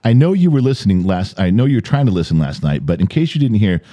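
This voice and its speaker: Animated man with a low, warm voice. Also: fast talker, no room sound. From United States. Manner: animated, jumps high in pitch for quoted lines, swears freely. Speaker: podcast host. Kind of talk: casual storytelling chat. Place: home studio.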